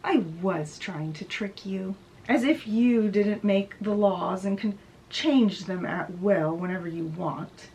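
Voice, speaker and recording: A woman's voice: mid-range voice, slow, a little mellow, slight background noise, poor audio. A woman voicing a sarcastic, bitter male god of the underworld, threatening in a retold story.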